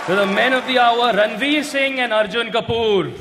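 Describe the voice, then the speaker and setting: A man doing a stand-up roast set, brash and often shouting his punchlines on a stage mic. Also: very high-pitched, moderate pace. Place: large hall with a live audience. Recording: echoey hall, loud crowd and noise.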